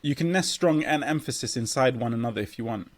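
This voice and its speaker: A man's voice: medium pitch, expressive, fast, no echo. A man teaching a coding lesson, explaining steadily as he walks through examples on screen and sometimes restarting a phrase while typing. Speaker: coding tutor. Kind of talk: screen-recorded coding tutorial.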